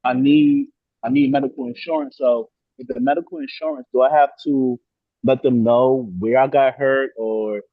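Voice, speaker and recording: A man's voice: mid-range voice, fairly even intonation, normal speed, dry recording. A man taking part in a webinar, asking a question hesitantly with many "um"s. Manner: hesitant, restarts with "um". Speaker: webinar participant. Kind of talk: casual question. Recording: dry, dull lo-fi audio.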